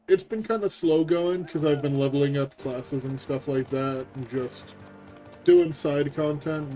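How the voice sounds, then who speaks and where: A man's voice: fairly high pitch, mellow. A man streaming a game, chatting casually and joking about what happens on screen. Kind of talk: casual live-stream commentary.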